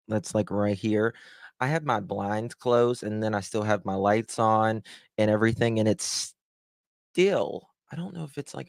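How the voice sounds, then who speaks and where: A man's voice: fairly low pitch, vocal fry, a little mellow, dry recording. A man hosting a true crime live stream from his room at home, casually greeting viewers one by one and calling them honey and sweetheart. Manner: greets viewers by name with pet names. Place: room at home with blinds closed.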